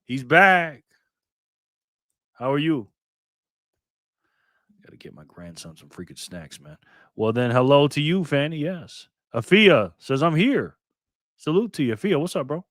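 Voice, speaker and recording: An older man hosting a casual live stream, loudly greeting viewers by name and muttering to himself while he fiddles with his phone. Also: fairly high pitch, big pitch swings, unhurried, pauses often, no echo, studio quality. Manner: loud upbeat shout-outs, drops to mutters while fiddling with phone.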